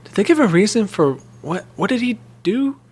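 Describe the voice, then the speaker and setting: A man with a very animated pitch, joking his way through a movie chat on a podcast. His reactions come fast and playful. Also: husky. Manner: playful banter, quick reactions and wisecracks. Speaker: podcast co-host. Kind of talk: casual movie discussion podcast.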